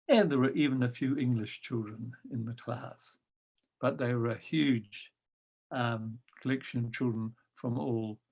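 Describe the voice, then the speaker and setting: Older man telling wry stories, gravelly. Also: mid-range voice. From New Zealand. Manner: gentle, wry storytelling with frequent ums. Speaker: guest storyteller. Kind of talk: reminiscing anecdote.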